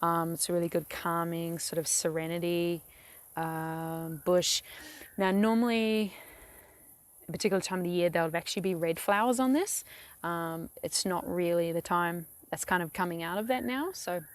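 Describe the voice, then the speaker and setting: A woman's voice: on the low side, steady tone, normal speed. A young woman from New Zealand with a New Zealand accent, chatting casually in a how-to vlog, rambling with lots of fillers, recorded outdoors beside a lake. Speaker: craft vlogger.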